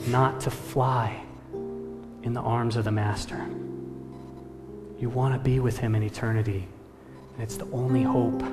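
A male pastor gives an earnest, measured sermon in an ordinary mid-range voice. A long reverb from the church hall follows his words, and faint music sits under the speech. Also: medium pitch. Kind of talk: sermon with storytelling.

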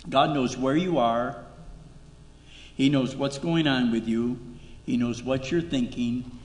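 A man's voice: medium pitch, steady tone, takes it slowly. A man preaching a sermon as pastor, emphatic, repeating key words and asking rhetorical questions. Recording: echoey hall reverb.

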